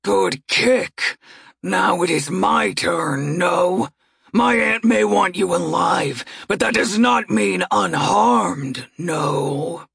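A woman's voice: fairly low pitch, very slow, fairly bright tone, no room sound, studio quality, exaggerated voice. A woman voicing an angry, hulking male gnoll who growls and taunts with menace. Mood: taunting. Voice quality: growling, gravelly. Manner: menacing, taunting with tag questions. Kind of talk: audiobook character voice.

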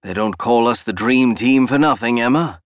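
A man voices a jovial older official with a hearty manner, speaking at medium pitch and normal speed. The recording is dry and clean with a studio sound, and his natural voice is pushed up.

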